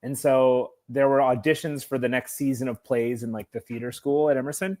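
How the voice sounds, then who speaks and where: A man's voice: mid-range voice, steady tone, a little mellow. A man chatting casually, telling a rambling anecdote with plenty of fillers. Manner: chatty, rambling, with quick reactions and laughs. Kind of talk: casual chat.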